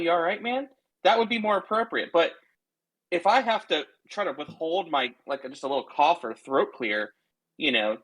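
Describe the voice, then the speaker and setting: A man's voice: mid-range voice, a bit bright, poor audio. A man co-hosting a podcast with a throat tickle and a slightly nasal sound, defensive and lecturing in a casual argument. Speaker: podcast co-host. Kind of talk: casual bickering chat. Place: remote call, own room.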